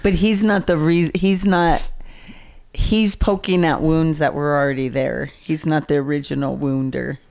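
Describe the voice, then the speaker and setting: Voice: mid-range voice, steady tone, unhurried, gravelly, a little mellow. A speaker in a casual podcast chat who mostly adds short affirmations and comments.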